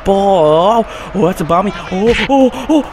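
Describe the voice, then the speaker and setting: A young man giving excited live commentary over his own football video game, yelling, pleading and cheering at the play as he goes. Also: high voice, a little slow, a crowd in the background. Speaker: gaming video creator. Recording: game sound and music clearly behind. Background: video game audio and music.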